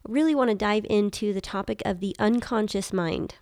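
Female podcast host, thirties, stuffy nasal cold voice, smooth and dry close mic, eager reflective chat. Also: mid-range voice, normal speed, a little mellow, no room sound. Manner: enthusiastic, reflective. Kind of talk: casual solo podcast talk.

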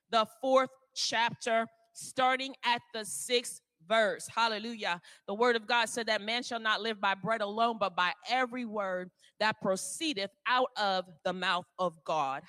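Woman preacher, high-pitched, bright forceful voice, fervent sermon, call-and-response, dry close sound. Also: no room sound. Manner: fervent, calls on the congregation to repeat lines, rising to shouts; reads scripture slowly and deliberately. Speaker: elder preaching.

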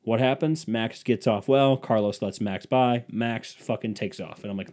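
Young male host, casual comedic rant, sarcastic, warm low-toned voice. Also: normal speed, few pauses. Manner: sarcastic, swings from loud bursts to muttered grumbling.

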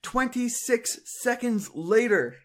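A young man co-hosting a podcast in casual chat, animated, laughing often and doing mocking impressions. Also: very high-pitched, slow pace. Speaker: podcast co-host.

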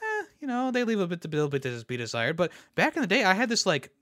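A young man on a podcast, ranting casually with lots of restarts and repeated words. His voice is bright and a touch high. The sound is dry and close, with no room around it. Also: huge pitch swings, fast talker, dry recording. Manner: rambling, repeats words, laughs at his own jokes. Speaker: podcast host. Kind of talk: casual opinion rant.

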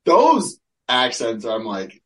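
A man, co-hosting a casual podcast, rambling through stories and tangents with a relaxed, chatty manner. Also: mid-range voice, takes it slowly, rough recording. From Michigan. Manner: rambling, laughing, storytelling. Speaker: podcast co-host.

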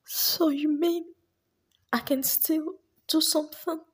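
A woman's voice: high-pitched, steady tone, takes it slowly, pitched above the performer's own voice. A woman voicing a teenage schoolgirl who failed her exams, wailing and indignant through her tears. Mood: upset, tearful.

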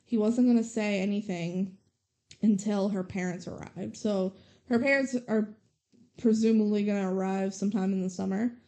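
Woman, podcast co-host, warm voice, casual storytelling, chatty. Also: mid-range voice, steady tone, normal speed. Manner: chatty, storytelling, heavy use of "like". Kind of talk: casual chat recapping a movie.

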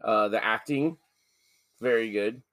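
A man's voice: lowish voice, a little slow, a bit bright. A man hosting a horror podcast from home, joking around, swearing casually and laughing often. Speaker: podcast host.

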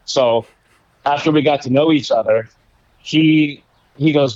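A man of middle pitch tells a story in a loose, rambling way, with easy laughs along the way. The recording is dry and a little dull, with no room sound. He sounds relaxed, a guest in a conversation. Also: unhurried, dry recording. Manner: laid-back, rambling, laughs while telling stories. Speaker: former baseball pitcher, guest.

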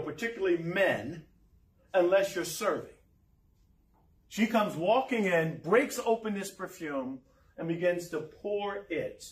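A man preaching a sermon, lively and full of rhetorical questions, chuckling now and then. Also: high voice. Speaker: pastor. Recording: roomy echo, mic far off.

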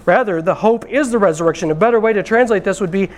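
A man's voice: high voice, quick pace, hardly any pauses. A man preaching a conversational sermon from the pulpit, talking straight to the congregation and calling them brethren. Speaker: pastor. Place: church sanctuary.

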